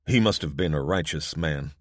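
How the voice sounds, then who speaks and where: Audiobook: man as a pompous, stilted male recruiter, very low voice, dry sound. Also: moderate pace, no room sound. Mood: formal. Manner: formal, stilted, preachy.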